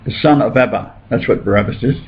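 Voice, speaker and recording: Talking quickly in a mid-range voice, a man makes religious claims in a casual conversation, rambling and pressing his point. It's a dull, lo-fi recording with a little noise.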